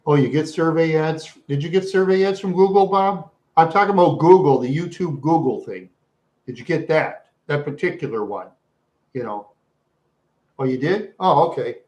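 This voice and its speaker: A man's voice: fairly high pitch, moderate pace, darkish tone, muffled recording. A man hosting a livestream, chatting loosely with his viewers, repeating himself and saying "yeah" a lot. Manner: rambling, repeats "yeah" and laughs often. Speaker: livestream host. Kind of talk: rambling livestream chat with viewers.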